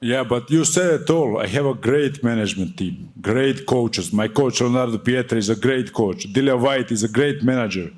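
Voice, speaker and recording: A man's voice: medium pitch, moderate pace, few pauses, a little mellow, slight background noise. A young man answering at a boxing press conference, fiery, defiant and full of swearing.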